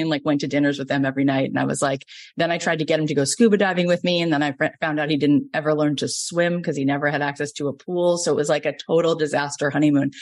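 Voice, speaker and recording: A middle-aged woman from Florida, a business coach telling a personal story, animated and acting out quoted lines. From Florida, USA. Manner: animated, acts out quotes with big pitch jumps. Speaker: business coach and podcast host. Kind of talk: storytelling lesson.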